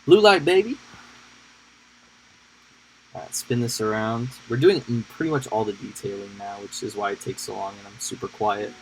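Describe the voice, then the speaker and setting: A man's voice: lowish voice, steady tone, brisk, creaky, few pauses, a little hiss or hum, poor audio. A man streaming live as he paints miniatures, rambling and joking to himself in casual chat. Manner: rambling, jokey, talks to himself while working.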